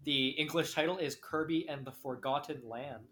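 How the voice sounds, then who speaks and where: A woman cohosting a casual podcast, playful and quick with reactions. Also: low voice, a bit bright. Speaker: podcast co-host. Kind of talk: casual chat.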